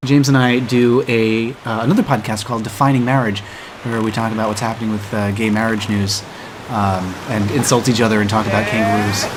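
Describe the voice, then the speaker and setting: A man co-hosting a casual let's-play stream, chatty and playful, quick to joke. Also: fairly low pitch, little pitch movement, noisy background. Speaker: co-host of a game stream. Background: video game music.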